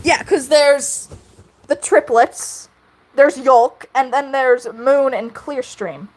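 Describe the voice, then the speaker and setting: A woman's voice: high voice, slow pace, a little hiss or hum. A woman streamer chatting casually with her viewers, giggly and rambling, with frequent fillers. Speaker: livestream host. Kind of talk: casual livestream chat.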